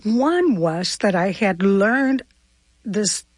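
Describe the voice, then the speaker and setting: A woman's voice: mid-range voice, animated, very slow, a little mellow, breathy edge, no echo. An older woman from Cuba, a guest in an interview, recalling her past in a heartfelt, vivid and reflective way. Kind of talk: personal storytelling interview.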